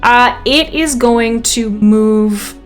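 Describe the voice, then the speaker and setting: Woman game master, vivid descriptive narration, slightly high voice, faint music behind. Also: very slow. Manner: vivid, descriptive, with frequent ums and self-corrections.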